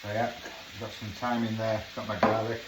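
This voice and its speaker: This is a casual cooking vlog from a home kitchen, where a middle-aged Englishman talks at a moderate pace in a fairly low voice with little pitch movement. He swears under his breath occasionally. He's distant from the mic in a noisy, echoey room.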